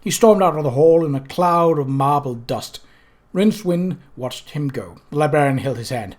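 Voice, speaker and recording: Steady audiobook narrator. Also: medium pitch, moderate pace. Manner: steady, dry storytelling with occasional slips. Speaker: audiobook reader. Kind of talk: audiobook reading.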